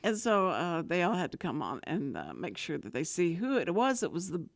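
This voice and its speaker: A woman's voice: on the low side, huge pitch swings, normal speed, gravelly, dry recording. Woman, radio host, chatty storyteller, voice swings up and down a lot. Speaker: radio talk show host. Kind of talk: casual radio chat.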